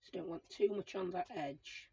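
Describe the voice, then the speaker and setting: She's a middle-aged crafting channel host, talking herself through a craft project and explaining each step in relaxed, chatty commentary. Her lowish voice is gravelly and warm with a breathy edge, delivered at normal speed. The audio is poor.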